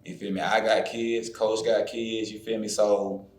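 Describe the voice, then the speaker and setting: A man's voice: fairly low pitch, little pitch movement, measured pace. A man from Florida, a trainer reflecting openly in casual podcast talk, often checking in with his listener. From Florida, USA. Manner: reflective, keeps saying "you feel me". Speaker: podcast guest, fitness trainer. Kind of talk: casual conversation. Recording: roomy echo.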